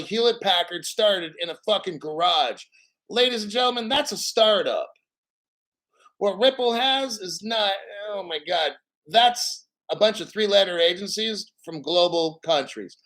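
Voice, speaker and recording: A man's voice: sits high, sharp tone, poor audio. Profane, ranting crypto livestream host man. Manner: heated, swearing, rhetorical questions.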